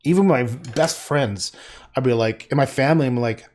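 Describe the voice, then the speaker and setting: A middle-aged man paints on a livestream while chatting casually and gruffly, swearing and laughing often. His voice is medium in pitch and moderate in pace.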